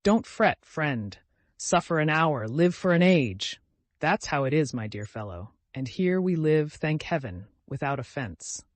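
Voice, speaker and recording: A man's voice: on the high side, big pitch swings, normal speed, no echo. A man voicing a small, kindly peasant soldier with a tender, caressing sing-song manner.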